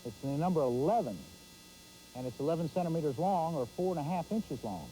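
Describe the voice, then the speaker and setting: A man calls out his fishing action live from a boat, folksy and excitable. His voice is dark and mellow yet swings widely in pitch, with faint outdoor noise around him. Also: brisk, low-quality recording. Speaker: fishing show host.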